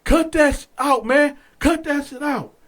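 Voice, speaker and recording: A man's voice: extremely high pitch, unhurried, a bit bright, pitched above the performer's own voice. A man voicing an angry male jail officer who barks profane orders. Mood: barking.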